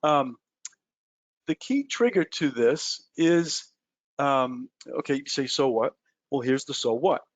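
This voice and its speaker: A man's voice: medium pitch, lively intonation, takes it slowly, no room sound. A man teaching a trading webinar at a whiteboard, talking loosely with lots of ums and uhs and self-mocking jokes.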